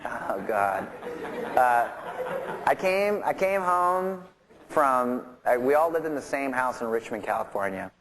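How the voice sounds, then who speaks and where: Male rock musician, mid-pitched, rambling anecdotal interview style, laughs a lot, does voices; noisy interview recording. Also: expressive, a little slow, a bit bright. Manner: rambling, laughing, acts out voices in his stories. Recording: interview clips with clear background noise.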